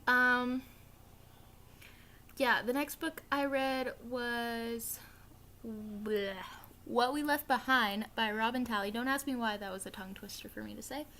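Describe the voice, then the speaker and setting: A woman's voice: fairly high pitch, steady tone, unhurried, pushed and bright. A young woman from the American South with a Southern accent, chatting casually and rambling through a book wrap-up, full of fillers and the odd swear. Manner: chatty, rambling, lots of likes and ums, swears for emphasis. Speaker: book vlogger. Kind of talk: casual reading wrap-up chat.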